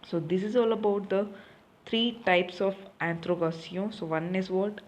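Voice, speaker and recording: A woman's voice: mid-range voice, fairly even intonation, moderate pace, darkish tone. A young woman teaching a recorded French lesson. She asks questions and answers them herself, often repeating key points.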